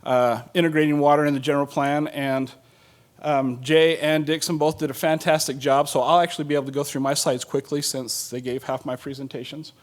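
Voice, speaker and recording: A middle-aged man gives a conference panel talk in a relaxed, joking way, with plenty of ums and uhs. His voice sits a little high for a man. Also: brisk. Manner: casual and joking, with many fillers. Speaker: state water agency planner presenting at a conference.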